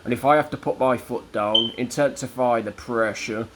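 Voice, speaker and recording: A man delivering a defiant, combative religious rant to camera, with slow, deliberate emphasis on each word. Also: medium pitch, noisy background. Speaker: vlogger.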